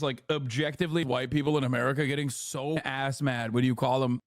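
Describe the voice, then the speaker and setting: A man's voice: medium pitch, fairly even intonation, fast talker, few pauses, dry recording, studio quality. A man streaming commentary, ranting in a mocking, exasperated way. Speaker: streamer reacting to clips. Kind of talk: casual commentary.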